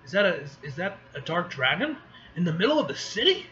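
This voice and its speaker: Bright, lively man reacting to a manga. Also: high voice, brisk, dull audio. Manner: animated, swears, laughs and exclaims. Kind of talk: casual reaction commentary.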